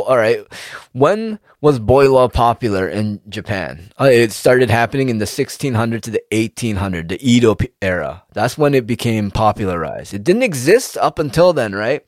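A man's voice: medium pitch, no room sound, clean studio sound. A man ranting in a casual monologue, swearing freely and firing off rhetorical questions. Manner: animated, profane, rhetorical questions.

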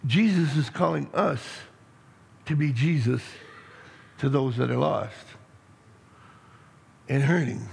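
A middle-aged man preaching a sermon as pastor, rambling and excitable, with many restarts and stammers. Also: a little high, gravelly, husky. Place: church sanctuary. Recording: long reverb in a hall.

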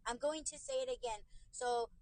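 A woman's voice: on the high side, normal speed, a little mellow, dry recording, poor audio. A woman hosting a podcast livestream from her car on a phone, talking bluntly with lots of swearing and going over the same points again and again. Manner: blunt and profane, repeats herself. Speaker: podcast host. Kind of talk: casual livestream rant.

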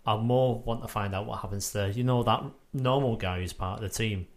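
A man's voice: on the low side, fairly even intonation, a little fast. A man hosting a casual podcast, bantering and joking at his own expense. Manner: jokey, self-mocking banter. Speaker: podcast host.

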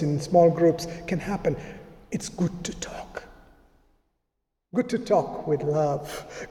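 A man's voice: fairly high pitch, warm tone. A male pastor giving a sermon in a conversational way, often acting out what people said. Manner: conversational preaching, acting out quoted speech. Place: church. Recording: reverberant church hall.

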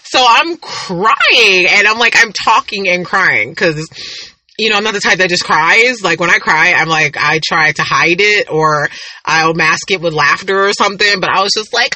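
A woman's voice: fairly low pitch, normal speed, sharp tone, rough recording. A woman in her thirties, hosting a casual podcast monologue and telling rambling, chatty stories with frequent laughs. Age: 30s. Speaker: podcast host.

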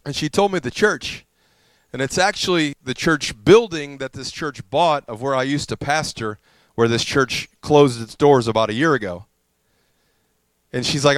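A male pastor telling a story in a sermon, animated and self-deprecating, acting out what others said to him. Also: on the high side, no room sound.

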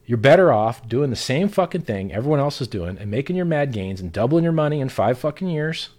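A man's voice: medium pitch, very animated, brisk, a little mellow. A man on a casual talk show, ranting bluntly and swearing constantly in a heated, profane way.

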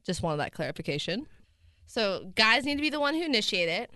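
A woman's voice: medium pitch, very animated, a little fast, bright, forceful tone, no echo, studio quality. Giggly young woman with a slight lisp. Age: 20s. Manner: giggly, playful and teasing. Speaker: podcast co-host. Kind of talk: casual chat.

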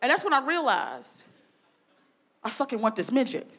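A woman performing a stand-up comedy routine, brash and profane, shouting her punchlines. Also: sits high, big pitch swings, moderate pace, a little hiss or hum. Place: festival comedy stage.

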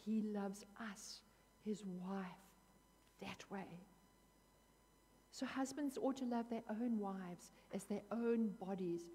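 A woman's voice: medium pitch, dark tone, husky, long reverb tail. A woman preaching a sermon in an earnest, emphatic way, repeating phrases for weight.

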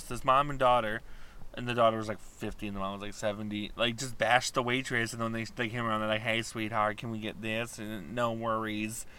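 A man's voice: mid-range voice, smooth. A man from Wisconsin in casual chat, ranting and telling stories with lots of swearing. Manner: ranting, profane, animated storytelling.

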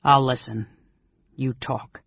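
A desperate half-elf father, voiced by a male narrator, pushed higher and louder than the narration, his husky voice strained and raw. The audiobook sound is dull and lo-fi, close and dry. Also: steady tone, slow, dry recording, heavily acted. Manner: shouting, pleading, raw.

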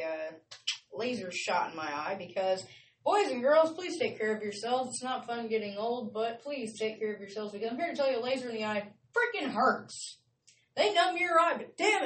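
A woman's voice: mid-range voice, far from the mic. A woman hosting her show in a casual, rambling, chatty way, often laughing. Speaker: show host. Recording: roomy sound from off-mic with faint noise.

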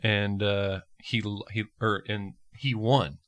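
A man's voice: fairly low pitch, steady tone, takes it slowly, fairly bright tone. A man co-hosting a casual podcast, joking loosely with profanity and laughing often. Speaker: podcast co-host reading news.

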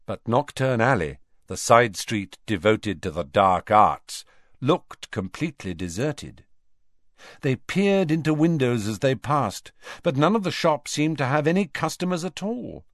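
A man reading an audiobook aloud in an expressive, varied way. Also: mid-range voice, a little slow, dry recording, clean studio sound. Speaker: audiobook reader. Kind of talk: audiobook narration.

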